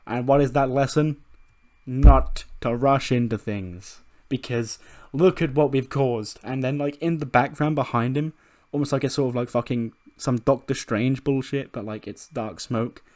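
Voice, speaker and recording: A man casually narrating his wrestling management game at a middling pitch. He rambles loosely, drops in fillers, and swears freely as he goes. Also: a little slow, a little mellow. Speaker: let's play creator.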